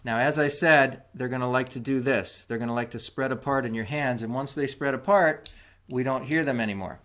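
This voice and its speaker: A man's voice: medium pitch, brisk, fairly bright tone, slight background noise. A man teaching a music lesson on video, patient and step by step, counting beats aloud as he demonstrates. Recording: clicking spoons heard behind. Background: clicking of spoons.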